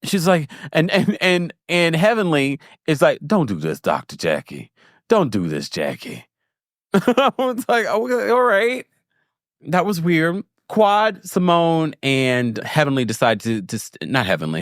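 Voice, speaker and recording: A man chatting through a recap with a lively, swooping voice and a middling pitch. He laughs and restarts his sentences. The sound is dry and close. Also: no room sound. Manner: chatty, animated, with laughs and self-corrections. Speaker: show host recapping a reality series. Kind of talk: casual live recap chat.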